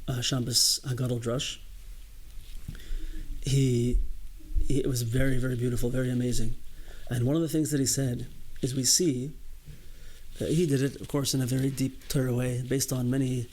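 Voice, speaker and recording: A man's voice: mid-range voice, little pitch movement, moderate pace, a little mellow, poor audio. A man giving a sermon as a rabbi, earnest and emphatic, repeating phrases as he builds his point.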